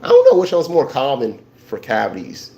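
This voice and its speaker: A man's voice: medium pitch, wildly swooping pitch, normal speed, vocal fry, dark tone, low-quality recording. Rambling man livestreaming to chat. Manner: rambling, repeats himself with restarts, chuckles at chat. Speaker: livestream host. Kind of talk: casual livestream talk to viewers.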